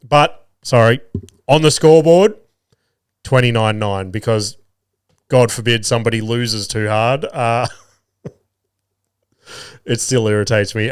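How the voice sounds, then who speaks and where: Crude, giggly man with a smooth voice. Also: medium pitch, no echo, studio quality. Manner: crude, rambling, laughs at his own jokes. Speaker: podcast host. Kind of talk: casual solo podcast storytelling.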